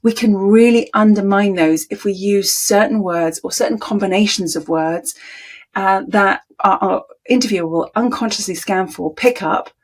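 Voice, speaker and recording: A woman coach talks straight to the camera with a slightly husky, breathy voice. She is deliberate and emphatic and leans on key words. Her pitch sits in a middle range. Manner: deliberate, emphatic, demonstrates tones aloud. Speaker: communication coach. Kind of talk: talking-head coaching video.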